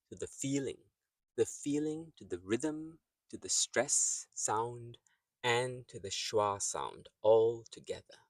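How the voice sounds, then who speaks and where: A man teaching English pronunciation, saying example words slowly and repeating them with clear syllable stress. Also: lowish voice, no echo.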